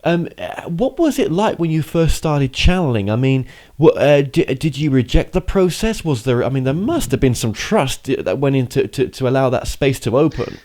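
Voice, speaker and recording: A man hosting an interview, asking questions in a halting way with frequent restarts. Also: mid-range voice, very animated, a little mellow. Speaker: host. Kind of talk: casual interview.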